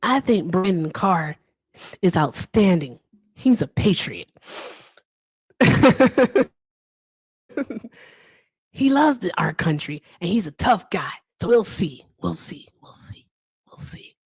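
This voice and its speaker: A woman's voice: fairly low pitch, sing-song, slow pace, long pauses, darkish tone, husky, no echo, exaggerated voice. A woman doing an impression of a blunt, boastful older male politician who talks in short, emphatic, repeated declarations.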